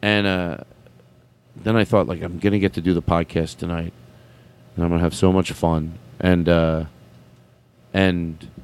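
A man's voice: low-pitched, level tone, measured pace, darkish tone, clear, resonant tone. A man hosting a podcast in casual chat, rambling and stammering with frequent laughs. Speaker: podcast host.

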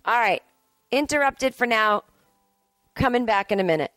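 A woman's voice: on the high side, animated, normal speed, a bit bright, no echo, soft background music. A woman podcast host recapping a movie from a family home in a sarcastic, chatty way.

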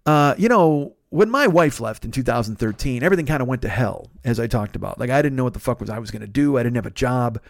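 A man's voice: mid-range voice, lively intonation, quick pace, creaky, hardly any pauses, dry recording. Exasperated, foul-mouthed podcast storyteller man. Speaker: podcast host. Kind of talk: casual storytelling monologue. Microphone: podcast microphone.

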